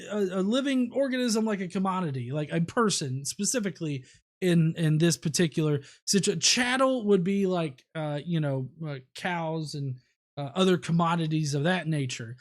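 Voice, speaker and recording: A man hosting a casual livestream from home, ranting and rambling with plenty of swearing. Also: high-pitched. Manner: profane, rambling, quick to rant. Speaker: livestream host.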